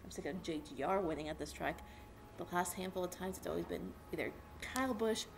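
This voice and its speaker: A young woman chats excitedly to her camera from home. She rambles with plenty of fillers, and her fairly low voice is gravelly. A faint background hum sits behind her. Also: normal speed. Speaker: vlogger and racing fan. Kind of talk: casual chat to camera. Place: at home with a dog.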